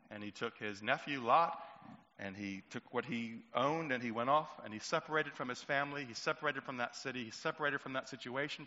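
A middle-aged male preacher giving an earnest sermon, storytelling and slowing down for emphasis. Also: mid-range voice, sharp tone. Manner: earnest, slow and emphatic at key points. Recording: echoey hall, dull lo-fi sound.

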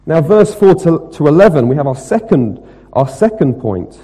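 A man preaching a sermon, emphatic and rhetorical, moving between loud stressed points and quieter asides. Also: fairly high pitch, very animated, normal speed, breathy edge. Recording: long reverb of a hall.

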